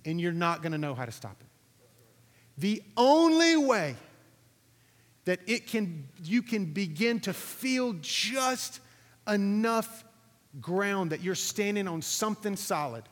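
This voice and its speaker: Animated preacher telling a story in a hall. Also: male voice, sits high, slow. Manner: animated storytelling, acting out quotes, asking the audience. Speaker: pastor. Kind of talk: sermon with a personal story. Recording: reverberant hall recording.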